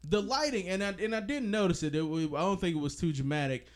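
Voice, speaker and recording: A man's voice: sits high, fast talker. A man co-hosting a movie podcast, talking casually and laughing often as he argues his point. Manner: animated, laughing, pushes to finish his point. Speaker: podcast co-host. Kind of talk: casual movie-review chat.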